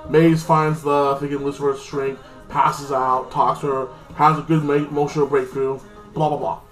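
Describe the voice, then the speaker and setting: A man's voice: a little high, little pitch movement, moderate pace, reverberant, soft background music, rough recording. A man giving a casual, rambling episode recap, swearing often and leaning on fillers. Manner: rambling, profane, lots of fillers. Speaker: TV show reviewer.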